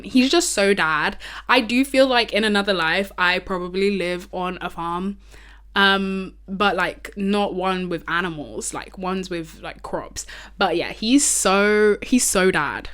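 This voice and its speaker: A young woman hosting a casual solo podcast, chatting in a rambling way with many ums and quick asides into an uncovered mic. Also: medium pitch, a bit bright. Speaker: podcast host.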